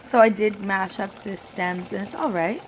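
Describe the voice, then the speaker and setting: A woman's voice: medium pitch, moderate pace, slight background noise. Chatty woman in her kitchen. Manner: chatty, playful, laughs often. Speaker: vlogger. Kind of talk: casual kitchen vlog. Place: home kitchen.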